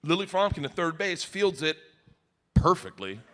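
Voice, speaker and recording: Loud, animated male stand-up comic. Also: moderate pace, background noise. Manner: animated, jumps into high shouted voices for quoted people. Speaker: stand-up comedian. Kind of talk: stand-up comedy storytelling. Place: live comedy venue with audience.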